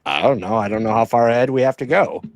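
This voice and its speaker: A man playing in a tabletop roleplaying game, speaking hesitantly with halting restarts. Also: medium pitch, dry recording. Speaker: player.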